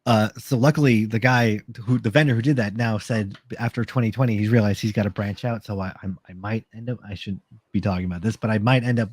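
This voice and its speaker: A man's voice: lowish voice, steady tone, quick pace, breathy edge. A man in casual podcast chat, slightly tipsy, rambling with many restarts and repeated words.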